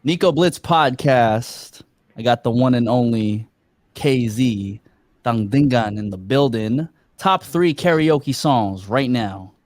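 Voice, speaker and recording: A man hosting a podcast interview, excitable and loud in his praise, hyping up his guest. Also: medium pitch, slow pace, no echo, studio quality. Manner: excitable, hypes the guest, repeats "come on, man". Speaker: podcast host.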